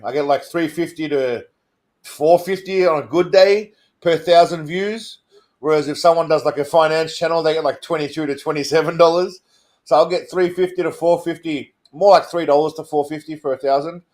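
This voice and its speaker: A man's voice: fairly high pitch, a little mellow. An Australian man co-hosting a casual livestream chat, rambling and repeating himself and laughing often. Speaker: co-host of a livestream show.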